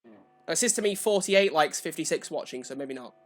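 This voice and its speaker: A man's voice: on the high side, animated, brisk. A man streaming a video game, chatting casually with his viewers and poking fun at himself. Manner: chatty, self-deprecating, talks to chat. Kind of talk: casual livestream chat. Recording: faint music behind.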